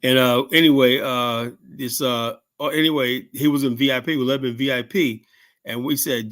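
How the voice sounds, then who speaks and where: A man's voice: mid-range voice, fairly even intonation, normal speed, a bit bright. A man in his fifties telling rambling stories in casual talk, swearing freely and full of fillers and restarts. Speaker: show host telling stories.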